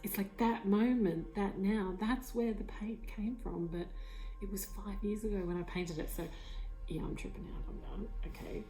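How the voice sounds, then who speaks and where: A woman vlogger telling an emotional personal story, excited and swearing, full of fillers and whispered asides, recorded on a tablet. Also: medium pitch, normal speed. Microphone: tablet mic. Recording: lo-fi tablet recording, faint music behind.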